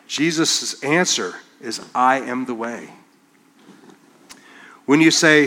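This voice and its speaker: A man's voice: medium pitch, lively intonation, slow pace, pushed and bright. A male pastor preaching a conversational sermon, reading scripture aloud and acting out the quotes. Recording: long hall reverb.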